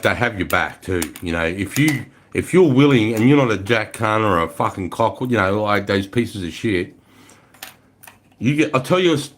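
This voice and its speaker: A middle-aged Australian man chatting casually on a livestream, swearing freely as he tells stories. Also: on the low side. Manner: swears freely, relaxed storytelling. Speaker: livestream host.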